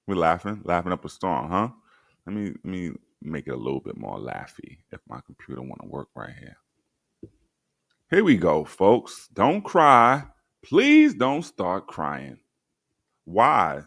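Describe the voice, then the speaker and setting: Lively, low-voiced man hosting a stream. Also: slow, vocal fry, no room sound, clean studio sound. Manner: sardonic, talks straight to viewers. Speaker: livestream host. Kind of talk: livestream history commentary, reading documents to chat.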